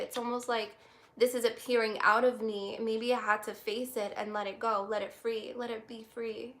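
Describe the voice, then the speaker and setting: Woman, slightly high voice, tarot reading, soft, reflective, halting, near tears. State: close to tears. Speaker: tarot reader. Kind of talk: emotional tarot reading livestream.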